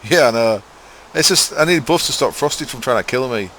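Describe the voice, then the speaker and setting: A man's voice: medium pitch, animated, brisk, fairly bright tone, slight background noise. A young man with a mild Hull accent from East Yorkshire, chatting casually and muttering to himself while streaming a game. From Hull, East Yorkshire, England. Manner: rambling, mumbles to himself while playing, swears casually. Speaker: gaming streamer. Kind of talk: casual gameplay commentary chatting with live chat.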